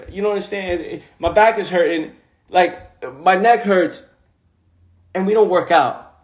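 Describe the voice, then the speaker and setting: This man, a motivational coach from the Bronx in New York, livestreams from his phone in a high, reverberant voice. His monologue is emphatic, repetitive and full of slang.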